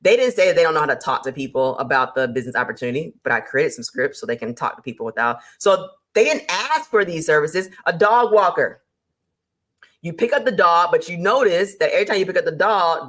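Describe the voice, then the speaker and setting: A woman hosting a motivational talk on business, lively and emphatic, laying out her points like a teacher. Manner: lively and emphatic, with sudden jumps in pitch; teacherly, lays out numbered points. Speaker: host.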